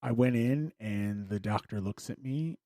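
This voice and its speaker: A man's voice: medium pitch, unhurried, dark tone, no room sound. A man hosting a podcast, telling a personal story in a casual, rambling way with wry, self-deprecating humor. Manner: rambling, with frequent fillers and restarts. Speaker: podcast host.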